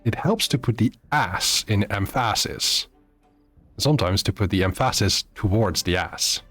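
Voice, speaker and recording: A man chatting to viewers on a live game stream, halting often with fillers and restarts. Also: fairly low pitch, animated, fairly bright tone, faint music behind. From Netherlands. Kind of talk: live gameplay stream chat.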